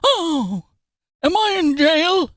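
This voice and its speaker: A woman voicing a dazed, confused man in jail who wears sunglasses, drawling slowly and bursting into cranky yells. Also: extremely high pitch, big pitch swings, no room sound, clean studio sound, heavily acted. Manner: slow, bewildered, drawling with sudden angry yells.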